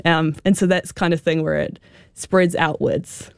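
A woman's voice: fairly low pitch, flat delivery, measured pace, smooth, no echo, clean studio sound. A woman with a New Zealand accent, a guest expert explaining slang in a radio interview, talking with many fillers like "sort of" and "um".

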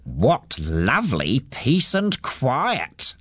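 A man's voice: on the high side, lively intonation, a little slow, fairly bright tone, dry recording, pitched above the performer's own voice. A man voicing a grumpy old male neighbour who mutters and grumbles crossly. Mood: grumbling.

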